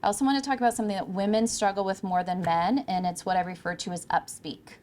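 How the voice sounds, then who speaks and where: A woman's voice: mid-range voice, steady tone, quick pace, darkish tone, slight background noise. Brief: woman speaker at a podium, projected and emphatic, coaching tone. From California. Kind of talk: presentation to interns. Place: event room with audience. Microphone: handheld or podium microphone.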